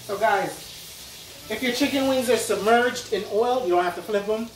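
A man's voice: high-pitched, normal speed, slight background noise. A man hosting a casual cooking video, chatty and teasing as he walks through the frying steps. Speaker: cooking show host. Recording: echoey room, mic at a distance, faint music.

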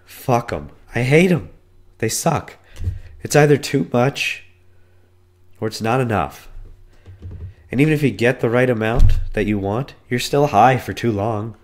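A man in his twenties hosting a solo podcast, hoarse from being sick, telling a rambling, profane story. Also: expressive, a little slow, long pauses. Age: 20s. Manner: voice cracks and breaks on high notes. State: hoarse, losing his voice from illness. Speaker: podcast host. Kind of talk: casual solo podcast monologue.

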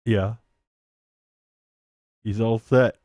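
Slow, low-voiced man streaming a game. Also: fairly even intonation, dark tone, dry recording, studio quality. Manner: self-mocking, laughs at himself. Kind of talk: casual gameplay commentary.

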